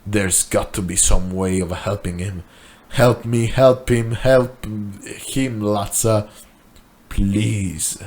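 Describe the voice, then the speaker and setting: Desperate pleading man, low and hushed, slow, voiced by a male reader. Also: steady tone.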